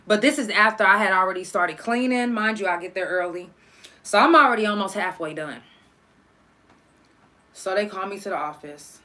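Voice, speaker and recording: This podcast host, a young woman, recounts something that happened to her, speaking casually, profanely and with lots of animation while voicing the people she quotes. Her voice sits in the mid-range, her pace is moderate, and she leaves long pauses.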